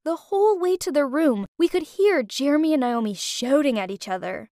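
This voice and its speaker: Casting: young woman storyteller, high voice, dry close sound, emotive first-person telling. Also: expressive, normal speed, warm tone, no room sound.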